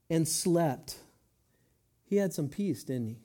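A middle-aged male pastor preaching with earnest conviction, his voice mellow and a touch higher than most men's. He drops low and soft for reflective points, then climbs and presses hard on his emphatic lines. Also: expressive, slow pace, pauses often. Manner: earnest preaching, swings between quiet reflection and rising emphatic passages. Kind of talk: sermon.

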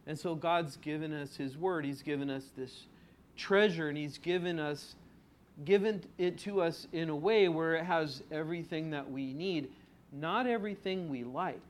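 A pastor with a voice on the high side speaks at a moderate pace, preaching an expository sermon conversationally. He asks the congregation rhetorical questions and draws out key words for emphasis.

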